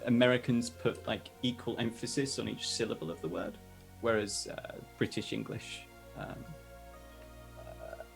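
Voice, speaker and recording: A man playing a tabletop game, describing his character's actions in a halting, animated way with many fillers. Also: fairly low pitch, vocal fry, faint music behind. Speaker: player.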